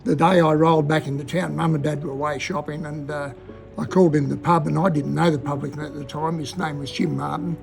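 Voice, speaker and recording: A man's voice: fairly high pitch, fairly even intonation, a little fast, vocal fry, soft background music. An older man with an Australian accent, telling cheeky local anecdotes in a laconic, chuckling way. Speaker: local storyteller. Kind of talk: casual yarn-telling.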